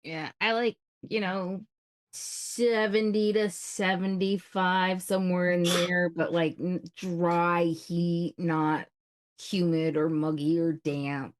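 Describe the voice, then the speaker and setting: A woman's voice: on the low side, flat delivery, takes it slowly. A woman co-hosting a live show in casual chat, blunt and swearing freely.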